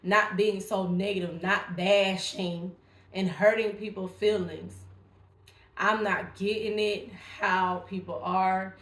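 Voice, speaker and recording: A woman's voice: mid-range voice, fairly bright tone, roomy sound. A woman vlogger talking casually and emphatically to her viewers, encouraging them. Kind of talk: casual direct-to-camera talk.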